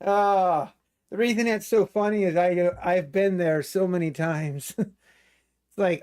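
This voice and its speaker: A man's voice: high voice, fairly even intonation, takes it slowly, darkish tone, clean tone. Laughing man hosting a trading stream. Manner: laughing, mock-panicked joking about the market. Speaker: day trading livestream host. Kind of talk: live trading stream commentary.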